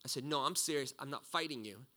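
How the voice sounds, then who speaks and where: A middle-aged man preaching a sermon, telling a story with loud bursts and low asides. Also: fast. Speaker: pastor.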